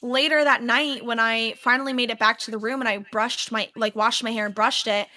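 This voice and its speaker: A young woman co-hosting a podcast, telling a story in casual chat and acting out her own past yells. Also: on the high side, fairly even intonation, fairly quick. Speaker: podcast co-host.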